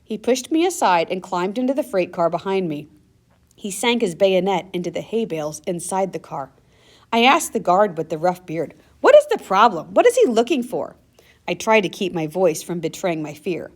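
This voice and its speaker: A woman narrating a first-person story in a measured, earnest audiobook reading. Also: on the low side.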